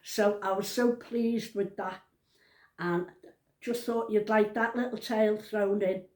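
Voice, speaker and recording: A woman's voice: medium pitch, fairly even intonation, a little slow, a little mellow. An older woman with a Liverpool accent, telling a family story in a chatty, rambling, homely way. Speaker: vlogger. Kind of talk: casual storytelling.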